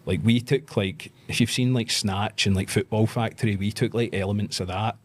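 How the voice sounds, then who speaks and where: A Glaswegian man in his thirties, a pro wrestler, chatting as a guest and telling animated stories with plenty of swearing. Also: fairly low pitch, moderate pace. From Scotland. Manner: animated storyteller, swears, acts out voices in anecdotes. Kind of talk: casual storytelling chat.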